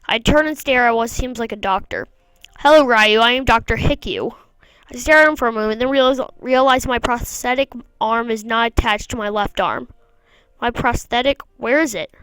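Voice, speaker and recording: A woman's voice: on the high side, brisk, a bit bright, clear, resonant tone, no room sound, rough recording. A woman reading a visual novel aloud, mostly plain narration with the odd wry aside. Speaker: gamer.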